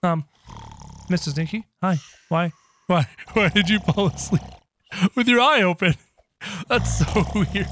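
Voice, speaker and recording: A man giving excitable, playful gameplay commentary in character and talking to his viewers. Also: high voice. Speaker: gaming channel host.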